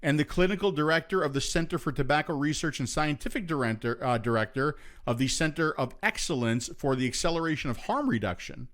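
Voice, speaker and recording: A man's voice: fairly high pitch, expressive, a little fast, hardly any pauses, fairly bright tone. A man hosting a live online show and interviewing a guest, loose and friendly, with many restarts. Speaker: show host.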